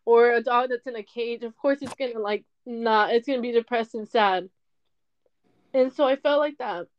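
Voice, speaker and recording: A young woman tells her own story into a dull, lo-fi mic, her voice a little high and often close to tears. She talks candidly and emotionally, swearing freely as she goes. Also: fairly even intonation, moderate pace. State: tearful. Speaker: podcaster. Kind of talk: personal storytelling monologue.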